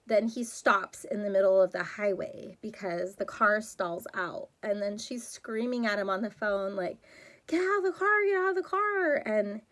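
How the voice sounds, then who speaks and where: A young adult woman talking through a movie plot in a loose, rambling way, full of "like" and "um", getting heated as she retells scenes. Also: medium pitch. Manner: rambling, chatty, lots of "like" and "um"; gets heated and exasperated when retelling scenes. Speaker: movie reviewer. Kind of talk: casual chat.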